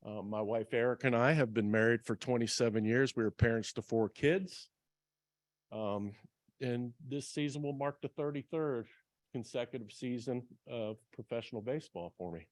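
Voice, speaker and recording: A man's voice: medium pitch, normal speed, dry recording. A man in his forties, a baseball manager, giving an earnest, plain-spoken talk to a club audience, with many ums. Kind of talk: personal speech to a club audience.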